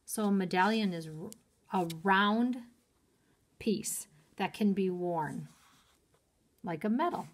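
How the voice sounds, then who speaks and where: Slow, clear woman reading to kids. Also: medium pitch. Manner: slow and clear, explaining words. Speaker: teacher. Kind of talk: read-aloud storytime for children.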